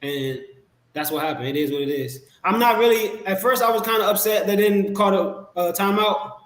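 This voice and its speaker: A man as a podcast guest, talking basketball in a relaxed, rambling way with many fillers and restarts. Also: high-pitched, normal speed. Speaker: podcast guest, Sixers fan. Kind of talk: casual sports talk. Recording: echoey room.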